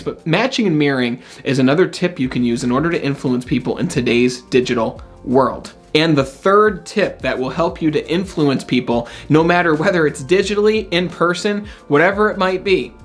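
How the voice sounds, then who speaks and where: An upbeat male motivational speaker whose pitch swings widely as he teaches. His delivery is high-energy and chatty, and he keeps checking that the listener is following with a quick "right?". Soft music plays faintly behind him. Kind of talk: energetic self-help lesson.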